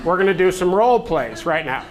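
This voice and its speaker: A man, a physician, presenting a medical education talk to clinicians in a joking, halting way with fillers. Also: high voice, very animated, some chatter behind.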